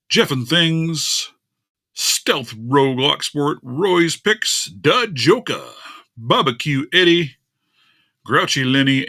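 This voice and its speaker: Chatty gravelly man on a live stream. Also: medium pitch, bright, forceful tone. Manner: chatty, grumbling at tech trouble, talks to his cat. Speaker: livestream host. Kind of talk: casual live stream chat.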